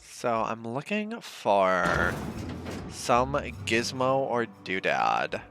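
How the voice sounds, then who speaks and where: A man's voice: medium pitch, big pitch swings, extremely slow, vocal fry, a bit bright, faint music behind. A man hosting a let's play, giving laid-back, casual commentary and muttering to himself as he plays.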